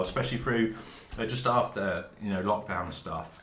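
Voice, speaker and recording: A man with a deep, slightly bright voice talks at normal speed with hardly any pauses on a hobby live stream, joking and laughing between bites as he eats. There's no lav mic, just a room mic, so the sound is echoey with faint background noise.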